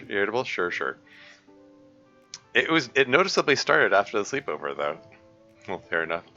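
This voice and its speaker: A man's voice: sits low, sharp tone, muffled recording. A man commenting on his live stream, hesitant and rambling with many fillers and restarts and chuckling often. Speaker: streamer reading a game mod.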